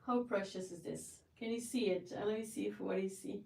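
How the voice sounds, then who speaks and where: A chatty woman hosts a casual livestream from her home kitchen, gushing over what she shows and often stopping to restart a sentence. Her voice sits at an ordinary pitch for a woman. It sounds roomy and a little distant from the mic. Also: a little fast, creaky, a little mellow. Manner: chatty and effusive, with many restarts. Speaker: livestream host.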